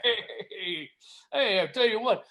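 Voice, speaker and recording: Man putting on a sad-sack old comic, punchy one-liners, high voice. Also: lively intonation, takes it slowly, vocal fry, sharp tone, full character voice. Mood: griping. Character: impression of a famous self-pitying stand-up comic, older man. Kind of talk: comedy impression.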